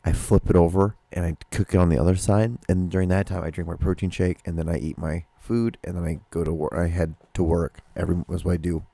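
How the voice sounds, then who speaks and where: Casting: male solo podcast host, low and very dark voice, loose rambling delivery with frequent restarts, close dry recording. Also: little pitch movement, fast, creaky, few pauses, no room sound. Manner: rambling, many restarts and swearing. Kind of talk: casual solo monologue.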